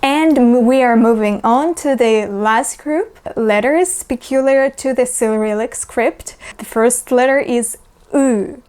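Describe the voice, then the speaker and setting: Slow-speaking woman. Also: on the high side, darkish tone, clean tone. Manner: slow, patient explanations with frequent "uh" fillers and repeated example sounds. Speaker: language teacher. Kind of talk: pronunciation lesson.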